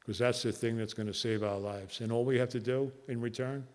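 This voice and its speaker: Man with a New Jersey accent, earnest meeting speaker, halting with fillers, mid-pitched, long hall reverb. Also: steady tone, darkish tone. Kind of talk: personal storytelling talk.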